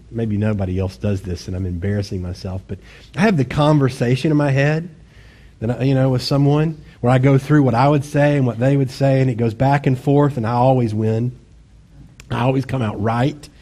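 Male pastor, husky tone, casual sermon delivery that swings between quiet reflection and punchy emphasis. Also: mid-range voice. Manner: conversational, self-deprecating preaching with sudden bursts of intensity.

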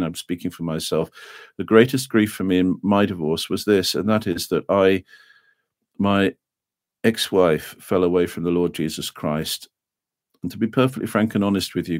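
A middle-aged man with a lowish voice delivers a podcast sermon. He speaks earnestly and in a measured way, drawing out quoted verses slowly and dropping his voice for personal admissions. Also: no echo. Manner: earnest, measured preaching, slowing to dwell on scripture. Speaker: preacher. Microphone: podcast microphone.

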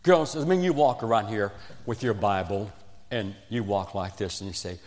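A man's voice: lowish voice, moderate pace, a little mellow. A man from West Virginia preaching a fervent sermon, speaking straight to his congregation and building to emphatic peaks. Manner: addresses the congregation directly. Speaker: pastor. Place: church sanctuary. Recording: echoey church hall reverb.

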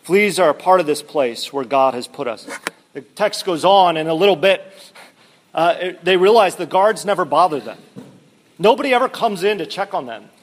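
An emphatic male preacher delivering a sermon, with a voice that sits a little high for a man. He presses hard on his key phrases and stumbles into fillers whenever he steps aside to tell a story. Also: expressive, moderate pace. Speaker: pastor.

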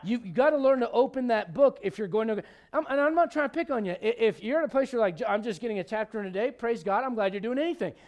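A man with a high, light voice preaches in an animated, chatty way. He jumps between scripture and everyday asides, often restarting his sentences as he goes. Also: fast, hardly any pauses. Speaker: pastor. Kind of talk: sermon.

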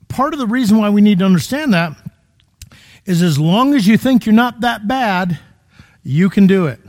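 A man's voice: high-pitched, a little mellow. A man preaching a sermon in a conversational, emphatic way, full of rhetorical questions, in a church.

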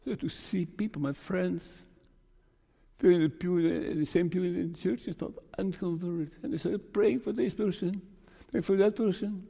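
A man's voice: sits high, moderate pace, vocal fry, mellow, husky. A man, preaching a farewell sermon as a pastor, earnest and repeating phrases for emphasis. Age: 60s. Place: church sanctuary. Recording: long church reverb.

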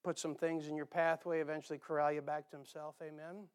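A male pastor preaching a sermon, animated, acting out quoted voices and dropping into quiet asides. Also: a little high, fast, clean tone.

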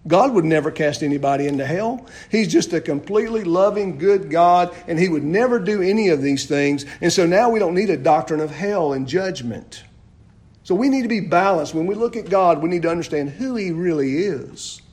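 High-voiced man preaching a sermon. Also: lively intonation, normal speed. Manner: preaching with rhetorical questions, sudden drops to quiet. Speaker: pastor.

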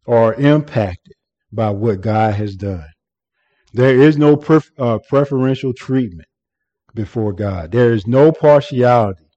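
A man's voice: mid-range voice, dark tone, muffled recording. A man preaching an earnest expository sermon, often repeating words and restarting as he explains the text.

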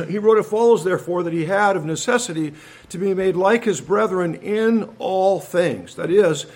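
A man with a high, husky voice preaches a verse-by-verse sermon. He works through his points in order and slows down to read the passages he quotes. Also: darkish tone. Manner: methodical, enumerates points, occasional restarts. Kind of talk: expository sermon.

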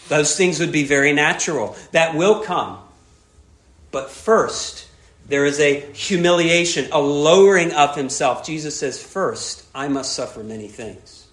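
A man preaching a sermon, emphatic, repeating key phrases and dropping soft on grave points. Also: on the high side, reverberant. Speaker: pastor.

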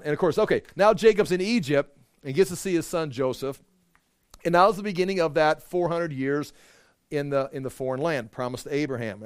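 Fairly high-voiced man telling a sermon story. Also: clean tone, no echo, studio quality. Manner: casual storytelling with asides and jokes. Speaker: preacher.

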